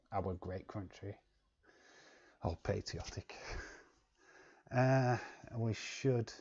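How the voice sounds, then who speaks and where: A man's voice: low-pitched, a little mellow, dull audio. A man hosting a live stream, chatting bluntly and casually while reading viewer comments. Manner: chatty, blunt, laughs often.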